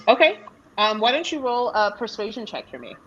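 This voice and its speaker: Acting as dungeon master for a tabletop game, a woman narrates in a chatty, hesitant way, full of fillers and restarts, at what may be a live convention panel or an online session. Her fairly high voice is sing-song and a little quick. The audio is lo-fi, with slight hiss or hum.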